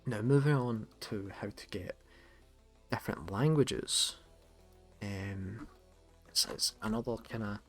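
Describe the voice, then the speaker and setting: A man with a Scottish accent, hosting a casual tutorial in a relaxed, chatty way with some self-corrections. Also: fairly low pitch, slow pace, pauses often, soft background music. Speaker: tutorial host. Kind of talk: casual screen-recorded tutorial.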